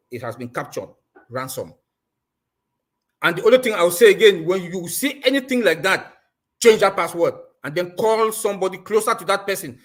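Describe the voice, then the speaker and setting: A man's voice: sits high, fairly bright tone. A man speaking on an online group call, earnestly repeating warnings to be careful. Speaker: meeting speaker.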